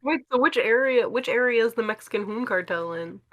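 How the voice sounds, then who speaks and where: A woman's voice: on the high side, brisk, a bit bright, no room sound. A young woman in a casual podcast chat, teasing and playful.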